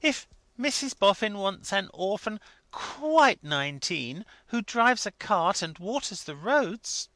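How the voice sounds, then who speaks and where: A man voicing an emphatic, eager little clergyman's wife, pitched high, in an audiobook reading. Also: big pitch swings, slow pace, bright, forceful tone, dry recording, exaggerated voice.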